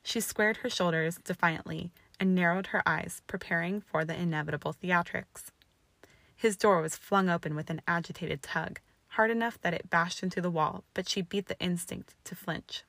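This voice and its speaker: A woman narrating a fan fiction story aloud in a steady, expressive way. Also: fairly low pitch, normal speed, creaky, no room sound.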